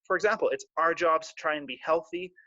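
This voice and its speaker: A man telling a children's story on a live stream, animated and full of sound effects. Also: a little high, fast talker, no room sound. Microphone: live stream mic. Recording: dull, dry lo-fi stream audio.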